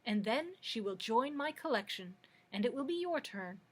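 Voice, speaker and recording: A woman voicing a small, hot-tempered male gnome king who blusters and yells, in a husky voice. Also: a little high, animated, normal speed. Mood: blustering. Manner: blustering, yelling.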